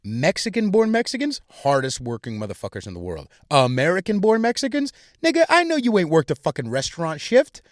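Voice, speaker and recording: A man's voice: on the high side, wildly swooping pitch, brisk, hardly any pauses, no echo, studio quality. A young adult man hosting a podcast, delivering a crude, profane, heated rant. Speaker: podcast host. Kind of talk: crude solo comedic rant.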